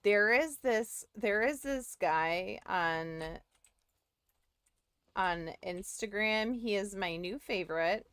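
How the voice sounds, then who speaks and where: A woman's voice: mid-range voice, slow pace, a bit bright, clear, resonant tone, no room sound. A young woman streaming a game, chatting casually to her viewers, rambling and giggling often. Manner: giggly, rambling, talks to chat. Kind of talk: casual livestream chat while gaming.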